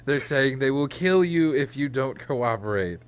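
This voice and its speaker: A man's voice: mid-range voice, expressive, unhurried, clean tone, natural voice. A man voicing a cocky thirteen-year-old boy, blunt and exasperated.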